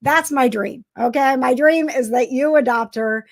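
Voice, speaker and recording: A woman's voice: high-pitched, normal speed, vocal fry. A middle-aged woman hosting a casual live stream, emotional and gushing, with many uhs and restarts. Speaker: host.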